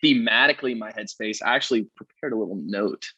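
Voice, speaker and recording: A man's voice: lowish voice, quick pace, muffled recording, crowd noise. A young man, a musician guest, chatting casually and joking about himself in a podcast interview. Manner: joking, self-deprecating, trails off with fillers.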